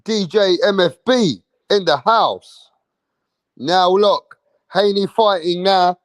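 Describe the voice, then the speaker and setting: A man hosting a boxing channel, chatting casually on a live stream, shouting out viewers in slangy, emphatic talk. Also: high voice, slow, no echo.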